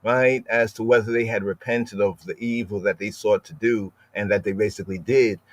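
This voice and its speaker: A man's voice: on the low side, steady tone, normal speed, dry recording. A man hosting a streamed scripture study, explaining at length, repeating words and often tagging "right?". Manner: lingers over word pronunciations. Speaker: podcast host teaching scripture.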